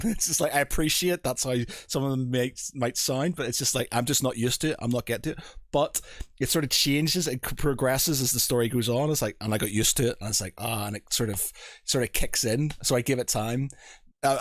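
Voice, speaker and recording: A man's voice: mid-range voice, no room sound. Rambling male podcast host, dry sound. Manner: rambling, hunting for names, casually swears. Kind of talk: casual podcast chat.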